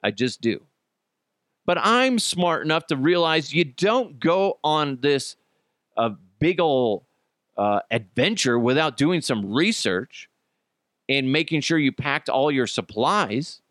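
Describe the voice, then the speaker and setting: A man from Colorado hosts a podcast in a loose, ranting style, his pitch swooping up and down as he mocks and swears. He laughs at his own jokes, and the recording is close and dry. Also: sing-song, takes it slowly, fairly bright tone, dry recording. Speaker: podcast host. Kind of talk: casual ranting commentary.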